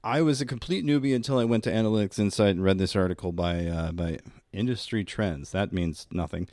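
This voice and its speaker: A man's voice: on the low side, brisk, a little mellow, no room sound, studio quality. A man co-hosting a podcast in casual banter, laughing often and swearing freely. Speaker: podcast co-host.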